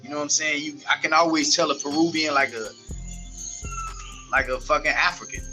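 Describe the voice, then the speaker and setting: A man's voice: a little high, steady tone, a little fast, music in the background. A man from Texas with a Southern accent, a guest telling loose, streetwise stories in a casual interview. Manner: loose streetwise storytelling, acts out quotes, keeps saying "you know what I'm saying". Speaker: guest, tourism guide.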